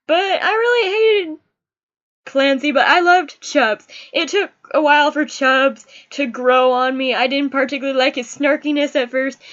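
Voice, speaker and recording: High-voiced young woman gushing over a book. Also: moderate pace, fairly bright tone, lo-fi sound. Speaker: book reviewer. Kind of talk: casual book review chat.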